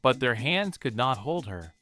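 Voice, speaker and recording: A man tells a bedtime story in a calm, gentle, unhurried voice. His pitch rises and falls in wide, expressive sweeps, while soft music plays faintly behind him. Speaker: narrator. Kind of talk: soothing bedtime story narration.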